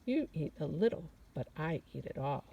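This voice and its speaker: A woman's voice: deep voice, very animated, moderate pace, vocal fry, mellow, recorded from a distance, lo-fi sound, slight background noise, full character voice. A woman voicing a greedy woodchuck in a read-aloud picture book, sniffy and gloating.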